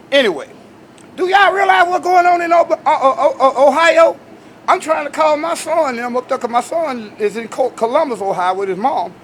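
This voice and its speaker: A man with a notably high voice hosts his own video, speaking straight to camera in loose, emphatic commentary. He leans hard on his points and keeps addressing his viewers directly, with a faint hum of background noise behind him. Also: a bit bright. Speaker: video host.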